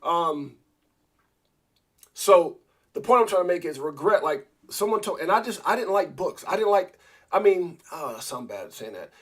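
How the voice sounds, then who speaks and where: A man hosts a casual live stream in a husky, somewhat high voice. He rambles, stops and restarts his sentences, and repeats words as he goes. He talks directly to his viewers and to a co-host. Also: animated, normal speed, a bit bright. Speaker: crypto livestream host.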